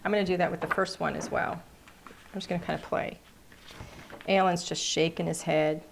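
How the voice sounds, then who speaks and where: A woman's voice: lowish voice, steady tone, normal speed, vocal fry, noisy background. A woman hosting a live cardmaking class, chatting playfully as she narrates each step of her work. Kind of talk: live crafting demonstration.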